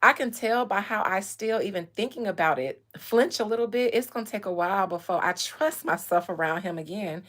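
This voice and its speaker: A woman hosting a casual livestream, telling stories in a candid, animated way with blunt language. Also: medium pitch, a little fast, hardly any pauses. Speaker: real estate agent and livestream host.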